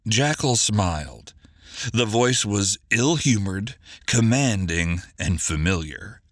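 A man narrating an adventure audiobook in a measured, expressive way. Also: on the low side, dry recording, studio quality.

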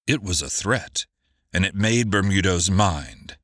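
A man narrating an adventure audiobook in a measured, expressive way. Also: deep voice, no room sound, clean studio sound.

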